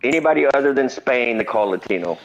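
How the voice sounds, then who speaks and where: A man's voice: medium pitch, lively intonation, quick pace, lo-fi sound. An American man in a casual group chat, talking loosely and rambling, laughing easily. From United States.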